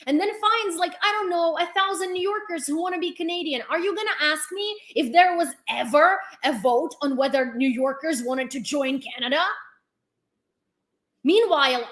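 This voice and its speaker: A woman's voice: very high-pitched, expressive, moderate pace, fairly bright tone. A young woman, ranting on her vlog in an exasperated, sarcastic way, swearing and firing off rhetorical questions. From Ukraine. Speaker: vlogger. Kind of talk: heated commentary rant.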